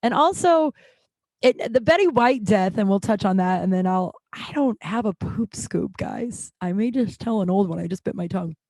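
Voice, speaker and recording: A woman's voice: medium pitch, expressive, normal speed, a little mellow, no room sound. A woman hosting her own podcast in casual solo chat, rambling and self-deprecating, swearing freely with lots of ums and restarts. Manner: frequent filler words and restarts. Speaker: podcast host.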